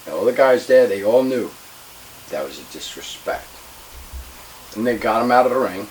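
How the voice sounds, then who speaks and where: A man's voice: fairly low pitch, lively intonation, normal speed, pauses often. A man telling a wrestling story in an interview, heated, emphatic and profane. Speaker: retired pro wrestler. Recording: distant mic with faint hiss.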